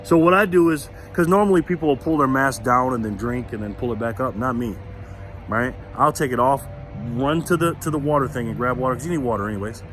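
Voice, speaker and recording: A man's voice: mid-range voice, brisk, fairly bright tone. A man vlogging in a casual storytelling rant, defiant and confrontational, retelling a run-in with laughs along the way. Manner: defiant, confrontational, says so himself.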